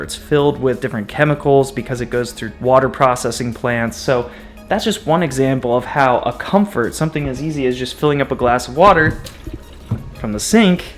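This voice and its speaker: Man, vlogger, casual talk to camera, joking, average pitch. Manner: playful, joking asides. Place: home, bathroom and truck with travel trailer.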